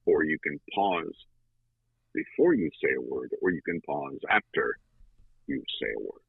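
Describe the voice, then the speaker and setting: Gravelly low-voiced man telling a story. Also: no room sound. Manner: animated, with dramatic pauses and fillers. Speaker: guest, audiobook narrator. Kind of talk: conversational storytelling. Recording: tinny phone-like line.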